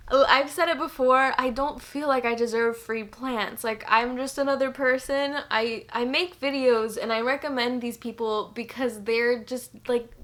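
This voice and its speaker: Bright-voiced young woman, teary and gushing. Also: fairly high pitch, fairly even intonation, a little slow. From Texas. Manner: chatty, gushing, filler-heavy. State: teary and emotional. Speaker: plant channel host. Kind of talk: casual unboxing vlog.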